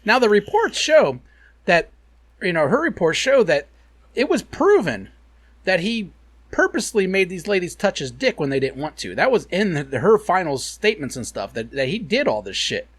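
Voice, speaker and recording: Male podcast co-host, higher-pitched and lively, foul-mouthed ranter. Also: moderate pace. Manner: animated, profane, ranting. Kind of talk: casual podcast banter.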